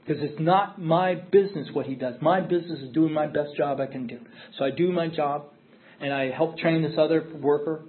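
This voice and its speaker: A man's voice: on the high side, moderate pace. Middle-aged man sharing his story, tinny phone-like sound. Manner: candid, emphatic storytelling with repeated phrases. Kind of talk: recovery meeting share.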